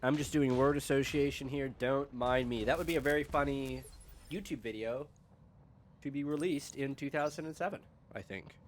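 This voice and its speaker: A man's voice: medium pitch, moderate pace, slight background noise. Man riffing on puns while streaming. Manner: rambling wordplay, reads chat aloud in silly voices. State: eating while talking. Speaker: streamer playing a mech strategy game. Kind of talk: casual joking chat over gameplay.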